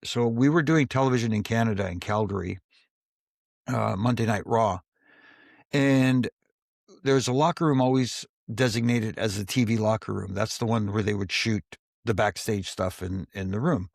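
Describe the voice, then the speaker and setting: Guy with a gravelly voice telling old referee stories, acts out the quotes, dry sound. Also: on the low side, no echo. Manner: storyteller who acts out quoted dialogue in his tales. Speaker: former wrestling referee, interview guest. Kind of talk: casual anecdotal storytelling.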